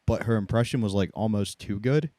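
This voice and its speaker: A man's voice: on the low side, fairly quick, dark tone, dry recording. A man telling casual stories on a comedy podcast, dry and laid-back. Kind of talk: casual chat.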